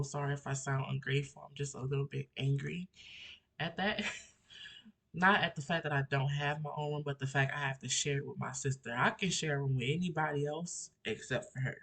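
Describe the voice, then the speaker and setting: A man's voice: mid-range voice, fairly bright tone. A man in his twenties at home, telling a personal story in a rambling, emotional way, with many fillers and restarts. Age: 20s. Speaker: vlogger. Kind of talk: personal story-time vlog.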